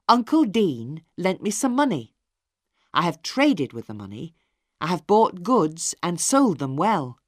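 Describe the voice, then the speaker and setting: A woman's voice: fairly low pitch, very animated, a little slow, no echo, studio quality. A woman voicing a dutiful young man who speaks earnestly to his father. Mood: eager.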